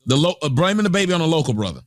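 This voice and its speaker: A man's voice: on the high side, sing-song, rapid-fire, no echo, studio quality. An American man hosting a reaction stream, ranting with profane, scornful commentary. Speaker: reaction channel host.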